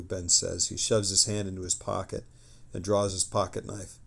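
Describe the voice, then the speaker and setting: A male streamer reads lore aloud on a live broadcast, breaking off for excited, chatty asides. His voice sits low with a gravelly fry running through it. The delivery is casual and unscripted between passages. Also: moderate pace. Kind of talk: casual lore reading on a livestream.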